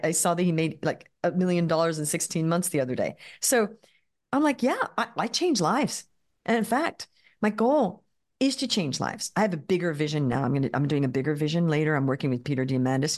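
A woman in her fifties or older, a guest coach in a podcast interview, telling stories with animated quoted dialogue and quick restarts. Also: on the low side. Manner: quick talker who repeats and restarts words.

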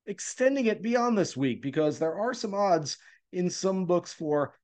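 A man's voice: high-pitched, lively intonation, a little slow, darkish tone. A man hosting a golf betting podcast, talking through his picks in an easygoing, conversational way with frequent "uh" fillers. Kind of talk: casual podcast talk giving betting picks.

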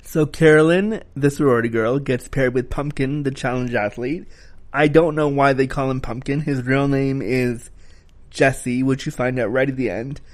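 A man's voice: on the high side, darkish tone. Frank, critical man reviewing a film. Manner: frank, critical, conversational with swearing. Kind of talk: casual spoken film review.

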